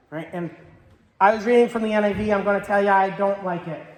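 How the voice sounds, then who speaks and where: A man's voice: sits high, fairly even intonation, quick pace. A man preaching a sermon as pastor, conversational and joking, telling stories about his family. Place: church sanctuary. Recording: echoey church with long reverb.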